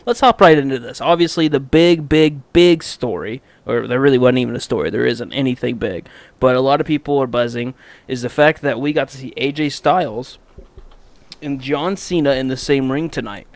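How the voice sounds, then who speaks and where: A man's voice: medium pitch, normal speed, dry recording. A man hosting a casual podcast, talking in an upbeat, blunt way with frequent laughs. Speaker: podcast host. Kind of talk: casual wrestling review chat.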